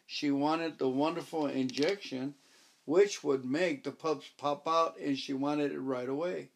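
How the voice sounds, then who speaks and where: A man narrating a first-person story as an audiobook, wry and measured, voicing his own dialogue. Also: a little high, fairly even intonation, gravelly.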